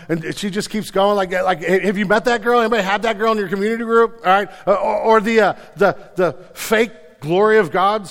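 Animated pastor preaching in a reverberant hall. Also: male voice, sits high. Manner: animated, mimicking people, many stammered restarts. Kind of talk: sermon.

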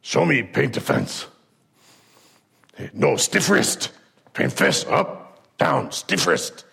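Miyagi, a preacher doing a terse old karate master. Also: male voice, medium pitch, huge pitch swings, extremely slow, creaky, fairly bright tone, slightly rough, exaggerated voice. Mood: stern. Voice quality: clipped broken phrasing, barked commands. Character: strict older male karate master, terse. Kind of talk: sermon illustration impression.

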